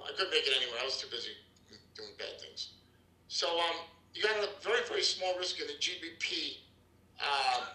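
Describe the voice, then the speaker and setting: Energetic man, echoey room. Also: a little high. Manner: energetic, salesy, calls out to viewers. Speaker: trading room host. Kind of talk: live trading room chat.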